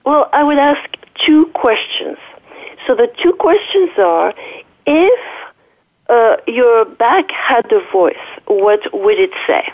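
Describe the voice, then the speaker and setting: A woman doctor with a French accent, explaining her ideas quickly and earnestly with frequent restarts as an interview guest. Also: a little high, expressive. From France. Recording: tinny phone line.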